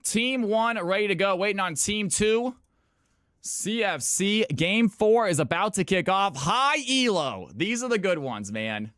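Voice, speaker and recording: A man hosts a live game stream, talking fast and shouting with excitement at his chat. His voice sits high and sounds bright and sharp. The sound is dry and close, with little room sound. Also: no echo. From California. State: out of breath. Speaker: streamer hosting viewer games. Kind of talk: live-stream hype commentary.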